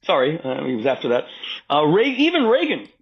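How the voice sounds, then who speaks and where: A man's voice: a little high, wildly swooping pitch, fairly quick, highs cut off. A man, a rabbi and podcast guest, arguing politics emphatically and repeating himself for stress while others cut in. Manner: emphatic, repetitive, talks over interruptions. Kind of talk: heated political conversation.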